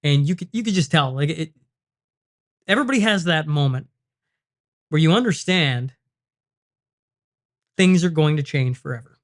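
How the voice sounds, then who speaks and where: A man from Canada talks as a podcast guest in a fairly high voice. He is reflective and halting, with many fillers between his thoughts. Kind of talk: casual conversation.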